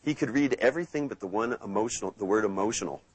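A man running a live hypnosis seminar, playful and storytelling, sinking into a slow hypnotic tone when he demos trance suggestions. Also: fairly low pitch, poor audio. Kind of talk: live seminar teaching with anecdotes. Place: seminar room with live audience.

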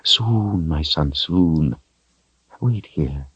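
A man's voice: a bass voice, expressive, drawn-out words, husky, no room sound, muffled recording, full character voice. A man doing a silky, menacing tyrant sorcerer. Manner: silky, mocking, softly menacing. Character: cold, smug, menacing male tyrant sorcerer.

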